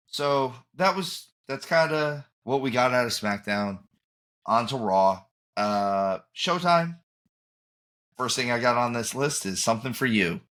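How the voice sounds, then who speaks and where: A podcast host with a lowish, slightly bright voice chats casually, rambling and often trailing off before restarting mid-thought.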